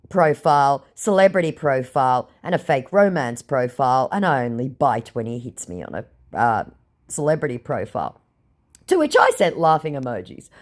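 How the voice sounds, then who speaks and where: एक महिला जो व्यंग्य भरे, मज़ाकिया अंदाज़ में स्कैमर से हुई चैट पढ़कर सुनाती है और उस पर टिप्पणी करती है।. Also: female voice, low voice. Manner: sarcastic, mocking. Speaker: scam baiter. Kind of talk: reading out chat messages with commentary.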